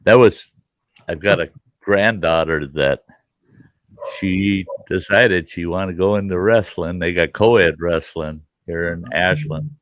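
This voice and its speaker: An older man hosting a show, telling stories in an animated, profane way and acting out the people in them. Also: low-pitched, slow, no room sound. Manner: animated, profane, acts out voices. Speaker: host. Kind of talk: casual storytelling.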